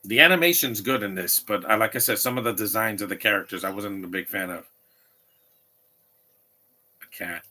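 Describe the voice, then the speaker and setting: A man giving a live watch-along commentary, his voice low-pitched but bright and forceful. He talks in an opinionated, rambling way and keeps restarting his sentences mid-thought. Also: normal speed, pauses often. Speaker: movie commentator.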